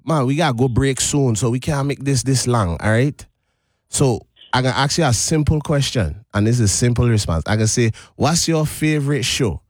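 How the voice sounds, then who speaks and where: A man hosting a live radio show from the studio, talking in a loose, laughing way as he coaxes a caller along. His voice sits at an ordinary middle pitch and is miked close and dry, with no room sound at all. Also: normal speed, darkish tone, no room sound. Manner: chatty, laughing, coaxing a caller. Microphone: studio microphone.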